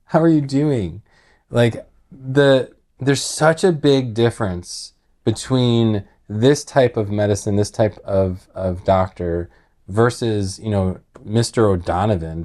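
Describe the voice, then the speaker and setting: A man's voice: lowish voice, measured pace, darkish tone. A middle-aged man telling a personal story in casual, earnest talk, rambling with many restarts and filler words.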